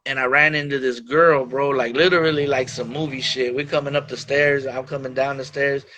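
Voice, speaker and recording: A man's voice: mid-range voice, steady tone, fairly quick, sharp tone. A man guest on a podcast, telling his life story frankly and casually, full of slang and swearing, calling the listener "bro" and "dog". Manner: slangy and profane, peppers speech with "bro" and "dog". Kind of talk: candid storytelling in casual conversation.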